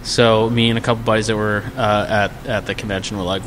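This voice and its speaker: A man co-hosting a podcast, telling a drinking story in a casual, animated, profane way. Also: fairly low pitch, brisk, in a large hall, a little hiss or hum. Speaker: podcast co-host.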